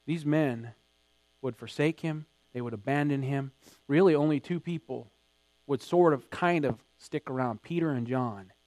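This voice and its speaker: A man preaching a sermon, emphatic, building to loud acted quotes. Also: medium pitch, no echo. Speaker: pastor.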